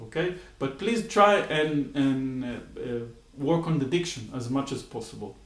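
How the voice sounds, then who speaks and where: A music teacher of medium pitch speaks at a measured pace in a roomy-sounding space, patiently teaching rhythm syllables. He walks through it step by step, singing the syllables to demonstrate and often saying "uh" and checking in with "okay?".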